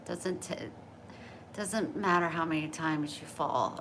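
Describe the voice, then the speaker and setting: A woman's voice: deep voice, slow pace, noisy background. A woman livestreaming from her bedroom at night on her phone, chatty and encouraging as she reads and answers viewer comments. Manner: chatty, encouraging, laughs easily. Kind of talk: casual livestream chat.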